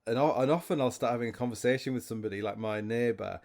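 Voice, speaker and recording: A man's voice: mid-range voice, racing, a little mellow. A man hosting a podcast alone, rambling through stories with many restarts and self-mocking asides. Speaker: podcast host. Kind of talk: rambling solo chat.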